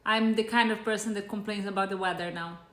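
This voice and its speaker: A woman's voice: mid-range voice, fairly even intonation, fast talker, fairly bright tone, reverberant. A woman with a Brazilian accent hosting a live cooking stream, chatting casually and greeting viewers by name. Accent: Brazilian Portuguese. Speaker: cooking show host.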